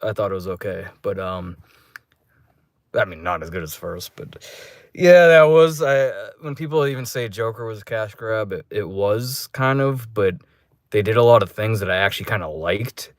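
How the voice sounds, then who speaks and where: A young man giving a casual, rambling movie review, swearing a lot and jumping into high-pitched quoted reactions. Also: expressive, moderate pace, no echo, clean studio sound.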